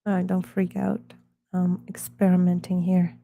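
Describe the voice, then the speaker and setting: A woman's voice: fairly low pitch, monotone, normal speed, vocal fry, mellow. A woman chatting casually on a live stream while she draws, rambling and talking to herself in murmured asides.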